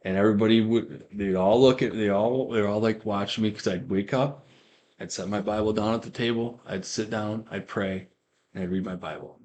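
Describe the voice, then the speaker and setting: Rambling, low-voiced man telling his testimony. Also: steady tone, normal speed, darkish tone. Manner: rambling storyteller who repeats himself and acts out quoted lines. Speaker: guest giving a faith testimony. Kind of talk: casual spoken testimony.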